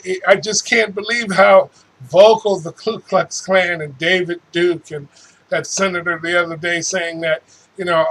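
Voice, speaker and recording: A man with a high, bright, forceful voice hosts his own show and launches into a political rant, recorded on poor audio. He is angry and profane, stammering through restarts as he goes.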